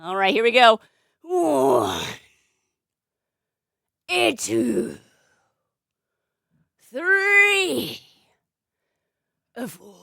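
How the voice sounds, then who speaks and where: Animated woman streamer, playful sing-song. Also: high voice, extremely slow, creaky, pauses often, no room sound, studio quality. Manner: playful, sing-song baby talk to her cat. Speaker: streamer and balloon artist. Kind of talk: casual live-stream chat.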